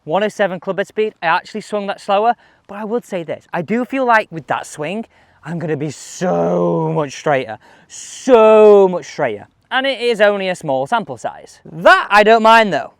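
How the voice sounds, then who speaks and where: A middle-aged man with a fairly high voice, giving casual golf-coach commentary on a range. He is animated and chats to himself between shots, and the sound is close and dry. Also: moderate pace, gravelly, no echo.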